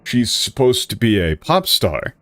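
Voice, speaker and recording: A man's voice: fairly low pitch, big pitch swings, unhurried, fairly bright tone, no room sound. A male streamer giving rambling, self-correcting casual commentary with an exasperated edge.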